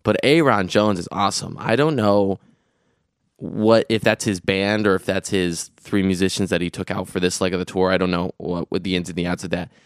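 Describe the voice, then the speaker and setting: A man's voice: deep voice, fairly even intonation, a little fast, clear, resonant tone, no room sound, clean studio sound. A young man co-hosting a podcast, chatting casually and rambling with many restarts and fillers. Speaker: podcast co-host recounting a festival trip. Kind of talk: casual chat.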